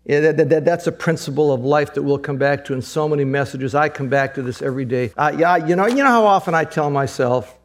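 A man's voice: fairly high pitch, quick pace, hardly any pauses. A male pastor preaching a sermon in an earnest, conversational way, often repeating words.

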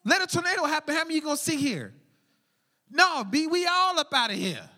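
A man preaching a lively sermon, swinging from shouts down to near whispers, full of casual slang. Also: very high voice, fairly quick, big-room sound. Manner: energetic, shouting and dropping to a hush, casual slang. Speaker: pastor.

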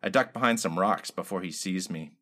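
Man, story narrator, wry, deadpan, hard-boiled. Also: low voice, moderate pace. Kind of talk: scripted narration of a comic detective story.

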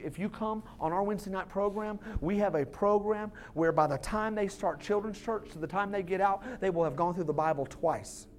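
A man's voice: sits high, a little mellow. Man, thirties, lead pastor, casual sermon, quotes in little voices. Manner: conversational preaching, acts out quoted voices. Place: church sanctuary.

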